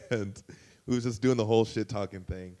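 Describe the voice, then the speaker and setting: A man spinning a casual anecdote, loose and profane. He keeps the story moving with fillers and asides. When he acts out what others said, his voice leaps up in pitch and volume. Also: measured pace. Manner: animated, profane, jumps to high loud pitch when quoting others. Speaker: guest storyteller.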